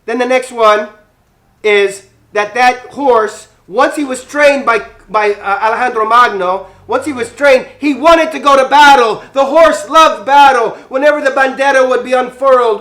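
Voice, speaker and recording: A man teaching a children's Bible lesson as a priest, animated, acting out scenes and dropping Spanish words into his English while quizzing the kids. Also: extremely high pitch.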